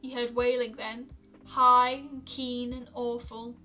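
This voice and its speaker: A woman reading myths aloud on a stream, calm, with small stumbles and restarts. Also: on the high side, takes it slowly, soft background music. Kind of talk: storytelling read-aloud.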